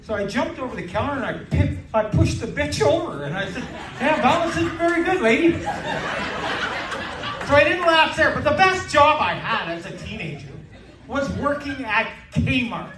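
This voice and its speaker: Brash older male stand-up comic, high and lively. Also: moderate pace. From Canada. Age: 60s. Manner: brash, crude punchlines. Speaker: stand-up comedian. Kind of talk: stand-up comedy set. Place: comedy club stage in a casino. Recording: roomy live club sound from a distance with crowd noise.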